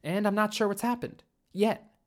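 A man putting on a young woman hacker who answers fast and a little nervously while hiding what she has done. He lifts his voice well above his own for her. She sounds quick and evasive under pressure. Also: high-pitched, fairly even intonation, pitched above the performer's own voice, natural voice. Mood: defensive.

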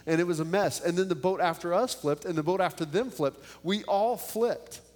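A man preaching a sermon in a church, with earnest prayer and animated personal storytelling. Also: high voice, moderate pace. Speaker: pastor. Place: church building. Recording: long church reverb.

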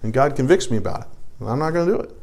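A middle-aged man teaching an adult Bible study, earnest, swinging between loud urging and hushed prayerful tones. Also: medium pitch, animated, rapid-fire, creaky.

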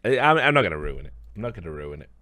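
A man's voice: sits low, big pitch swings, rapid-fire, sharp tone, dry recording. A man hosting a live stream, rambling through casual reaction commentary with lots of swearing and laughing asides.

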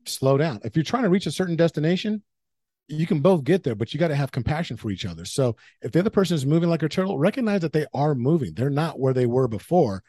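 A man's voice: fairly high pitch, sing-song, fast, dark tone, dry recording. A man who is a guest on a casual podcast, giving earnest, emphatic advice about relationships.

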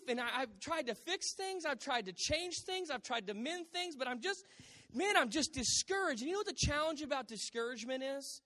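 A man preaching a sermon on a church stage into a handheld mic, animated and talking to the audience. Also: high-pitched. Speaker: pastor.

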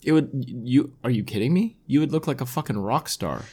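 A man's voice: mid-range voice, animated, a little fast, mellow, slightly rough. A man hosting a podcast, chatting casually and teasing his mother with jokes. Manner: teasing, jokey. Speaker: podcast host, son of the co-host. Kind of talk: casual chat.

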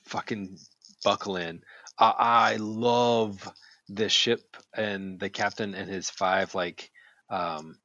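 A man with a fairly low voice talks in loose, rambling podcast chat, swearing casually and stopping to restart his thoughts. The sound is dry and close, with a slightly dull, muffled tone. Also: steady tone, slow, sharp tone, no echo. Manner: rambling, profane, restarts often. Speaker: podcast co-host.

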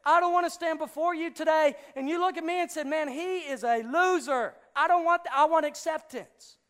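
A man preaching to teenagers, firing rhetorical questions at them and swinging from hushed intensity to shouted urgency. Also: extremely high pitch, normal speed, long reverb tail. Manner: rhetorical questions, direct address to teens. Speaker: youth pastor. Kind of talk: sermon.

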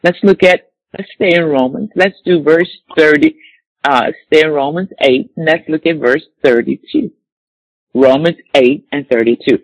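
A man preaching a sermon, reading scripture slowly and repeating key words for emphasis. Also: fairly high pitch, no echo, poor audio.

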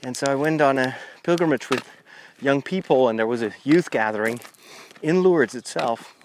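Walking a country path, a Catholic priest records a podcast monologue about his journey on a phone lavalier mic, with a little hiss or hum. His mid-range voice moves at a moderate pace, rambling and chatty, often starting sentences over.

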